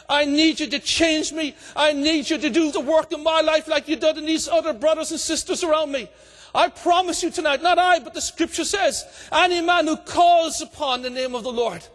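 A man preaching an impassioned evangelistic sermon, calling out and shouting to a congregation. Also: very high-pitched. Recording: long hall reverb.

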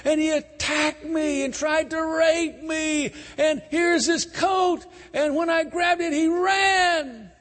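A man's voice: fairly even intonation, slow pace, few pauses, heavily acted. A man doing a shrieking scheming woman. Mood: accusing. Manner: shrill, shouting. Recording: long hall reverb.

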